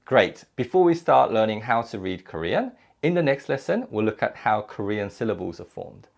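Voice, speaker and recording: A male teacher giving a recorded lecture, with a fairly low, gravelly voice. His pitch moves a lot as he explains, and he repeats example sounds with care. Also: very animated. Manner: clear, measured explanation with spoken examples. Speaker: language teacher.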